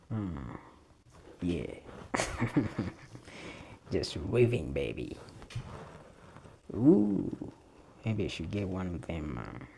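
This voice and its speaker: A man's voice: medium pitch, creaky, dark tone, slight background noise. A man hosting a solo podcast, rambling off the cuff and swearing casually. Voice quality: swears a lot, laid-back and off-the-cuff. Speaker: podcast host.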